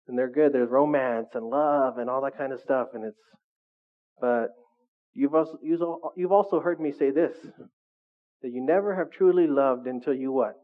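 A middle-aged male pastor preaching a sermon in a conversational way, often asking his listeners questions. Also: mid-range voice. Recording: phone-like narrow sound.

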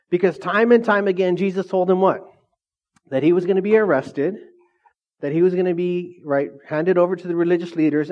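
A male pastor preaches a sermon, repeatedly asking the congregation questions and prompting their replies in call-and-response style. His voice sits high, and the audio is dull.

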